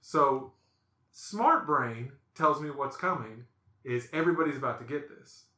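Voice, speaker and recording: A man hosting a podcast, telling stories in a casual, animated way and acting out the voices in them. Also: mid-range voice, a little slow, roomy sound. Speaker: podcast host. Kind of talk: casual storytelling chat.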